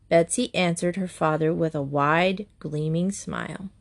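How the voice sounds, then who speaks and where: A woman reads a children's chapter book aloud. Her voice sits on the lower side, and she tells the story in a gentle, steady way. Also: measured pace. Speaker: narrator.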